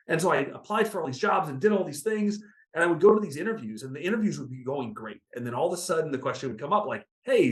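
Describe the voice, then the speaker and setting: A man in his thirties, a podcast guest telling his story in an interview, animated and acting out the people he quotes. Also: mid-range voice. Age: 30s. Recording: roomy echo.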